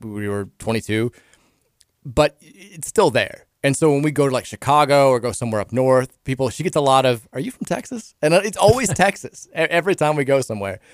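A man in his thirties with a Kentucky accent, hosting a casual sports radio talk show, chatty and quick with frequent restarts. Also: medium pitch, lively intonation, dry recording, clean studio sound.

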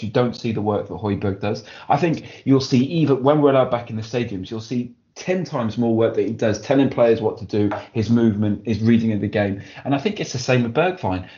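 A man co-hosting a casual chat and getting passionate and fired up as he talks. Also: medium pitch. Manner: passionate, builds up excitedly. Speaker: podcast co-host. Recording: dull lo-fi audio.

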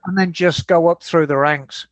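A man hosting a casual podcast chat, relaxed and rambling, who answers listener emails. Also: a little high, moderate pace, no room sound. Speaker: podcast host.

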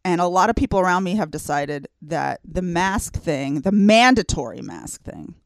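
A woman's voice: on the low side, big pitch swings, normal speed, gravelly, no echo. Earnest woman co-host, dry studio sound. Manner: earnest, conversational, many fillers. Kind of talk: casual chat.

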